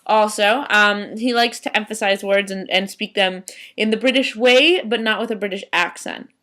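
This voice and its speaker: A woman's voice: medium pitch, fairly even intonation, moderate pace, bright, forceful tone. A young woman chatting casually in a video journal about a student theater trip, rambling with many ums and restarts.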